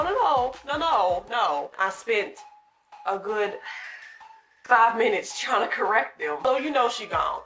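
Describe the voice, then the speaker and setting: A woman recounting a day at her retail job in a storytime vlog, animated and dramatic, acting out what people said. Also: on the high side, unhurried, faint music behind. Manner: animated, dramatic retelling with acted-out quotes. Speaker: retail store worker.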